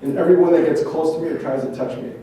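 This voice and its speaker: Man, event speaker, dramatic spoken-word monologue, intense, repetitive questions, roomy echo, low rumble behind. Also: fast talker, mellow. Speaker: trauma therapist speaking at an event. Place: event venue, indoors. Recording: echoey room, mic from far off.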